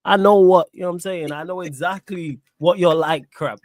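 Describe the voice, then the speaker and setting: A man hosting a live-stream chat, with a fairly high voice and a dry, close sound. He reads out comments between friendly banter, talks in street slang, and laughs easily. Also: steady tone, moderate pace, a little mellow, no echo. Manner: laughs a lot, uses London street slang like "big up" and "yo". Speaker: podcast host.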